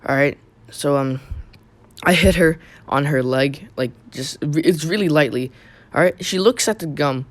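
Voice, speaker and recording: A young YouTube storyteller with a fairly high voice tells a personal story on his channel at a moderate pace. He talks casually and rambles, with lots of fillers and restarts.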